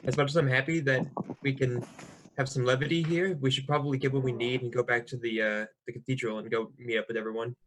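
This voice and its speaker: A man's voice: medium pitch, level tone, fast, noisy background. A man playing a tabletop game, speaking hesitantly and restarting phrases. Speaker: player.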